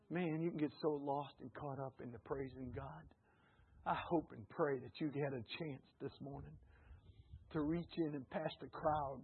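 Husky-voiced preacher on a tinny line. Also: male voice, on the high side. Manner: animated preaching that swings from soft asides to loud shouted climaxes, with chuckles. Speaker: pastor. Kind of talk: sermon. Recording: tinny phone-like sound.

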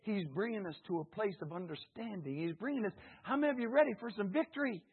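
A husky, high-voiced man preaches a sermon in church as an associate pastor. He tells stories and calls questions out to the congregation. The sound is thin and tinny, like a phone line. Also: fast talker. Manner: storytelling with call-and-response to the congregation.

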